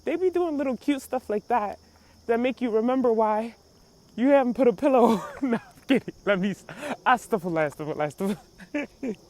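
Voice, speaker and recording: A woman hosting a podcast, giving casual commentary in a slangy, laughing, animated way. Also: fairly high pitch, a little fast. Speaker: podcast host.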